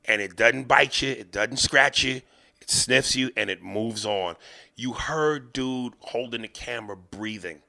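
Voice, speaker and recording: A man hosting a podcast, spinning comic stories with lots of swearing and acting out the characters in them. His voice is gravelly, with a bright, forceful edge. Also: medium pitch, measured pace. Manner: animated, profane, acts out the people in his stories. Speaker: podcast host. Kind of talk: comedic storytelling.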